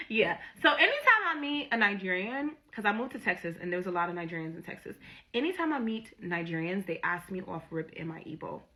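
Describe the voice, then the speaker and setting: Woman vlogger, bright clear tone, animated storytime delivery. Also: medium pitch, low-quality recording. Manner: excited, animated, emphatic. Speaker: vlogger sharing DNA results. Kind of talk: casual storytime vlog.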